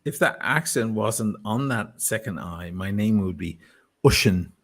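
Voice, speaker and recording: An Irish man talking as a guest in a casual chat, telling stories in an animated way and swearing freely. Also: on the low side, unhurried. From Ireland.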